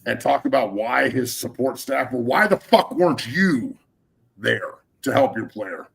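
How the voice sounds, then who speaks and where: Male sports talk host, middle-aged, gravelly, heated profane ranting. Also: medium pitch, lively intonation, unhurried. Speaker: podcast host.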